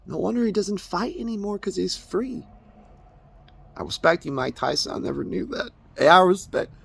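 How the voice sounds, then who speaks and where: A young man vlogger makes an emotional personal confession to camera, crying as he talks and rambling with stammers and swearing. His high voice is expressive, gravelly, and breathy, at a moderate pace.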